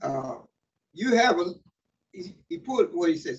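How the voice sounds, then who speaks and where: A man's voice: high-pitched, big pitch swings, measured pace. A man preaching a sermon, reading scripture aloud and stopping often to explain it, with fillers and restarts. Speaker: pastor. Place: church sanctuary. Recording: distant mic, dull sound, faint hiss.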